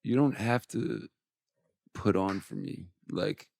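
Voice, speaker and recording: A man's voice: lowish voice, slow, vocal fry, a little mellow, dry recording, studio quality. A man in his forties, a musician guest on an interview podcast, telling a personal story candidly and emotionally, with some swearing.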